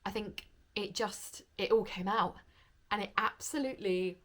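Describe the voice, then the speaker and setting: A woman's voice: mid-range voice, level tone, a little slow. A young woman talking to camera in a chatty vlog, open and emotional, gushing as she shares a personal story. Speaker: vlogger.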